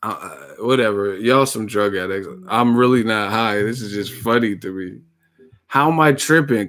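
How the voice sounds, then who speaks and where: A man hosting a boxing livestream who talks casually, jokes, swears freely and laughs often. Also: medium pitch. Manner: profane, joking, laughs a lot. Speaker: boxing YouTube host.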